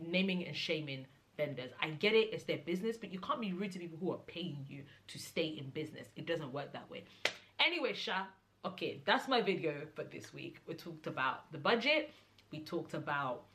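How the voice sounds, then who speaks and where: A young adult woman vlogger telling a casual story, animated and mimicking the people in it, rising to exasperated high-pitched outbursts. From Nigeria.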